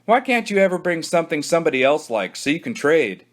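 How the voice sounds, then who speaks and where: A man's voice: a little high, sing-song, fast, voice pushed up. A man voicing a sly, curious young boy who speaks in a teasing, innocent-sounding way. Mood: grumbling.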